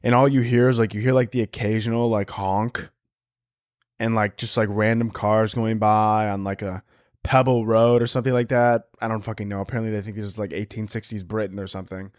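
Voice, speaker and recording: A young man hosting a podcast, riffing in a profane, rambling comic monologue and often breaking into squeaky impressions. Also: fairly even intonation, fairly quick, darkish tone, no room sound, clean studio sound. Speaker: podcast host.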